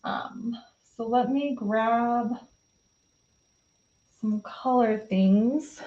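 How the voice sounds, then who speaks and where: The host of an art live stream, a woman with a fairly high, mellow voice, draws out her words as she paints. She chats casually, reads viewer comments, and talks through her pastel work with plenty of fillers, all over slightly dull, lo-fi stream audio.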